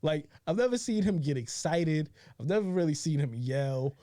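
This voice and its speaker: A man co-hosts a casual podcast, telling stories packed with swearing and imitating his friends' voices. His slightly high voice is animated and mellow at a normal speed, in a dry, clean studio recording.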